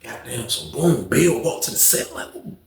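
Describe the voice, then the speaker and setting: A man telling a story in a casual, animated way, full of slang and repetition. His voice sits in a middle pitch. A roomy echo hangs around his words. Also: normal speed, slight background noise.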